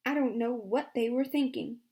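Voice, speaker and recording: A woman's voice: on the high side, moderate pace, darkish tone, close to an everyday voice. Give me a woman playing a stern, lying female camp warden, clipped and defensive.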